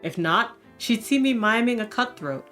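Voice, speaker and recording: A woman's voice: on the high side, animated, moderate pace, bright, forceful tone. A woman reading the lines of a sly male con-artist narrator in a wry, self-assured storytelling manner, with faint music behind.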